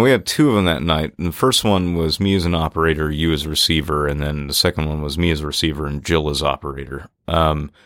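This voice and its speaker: Man, extremely low voice, casual host, relaxed, dry sound. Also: no echo. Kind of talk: casual chat.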